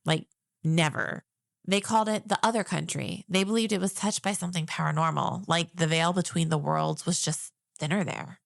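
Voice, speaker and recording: A woman's voice: fairly low pitch, steady tone, normal speed, creaky, dry recording, studio quality. A woman co-hosting a podcast in a casual chat, telling facts and laughing often. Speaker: podcast co-host.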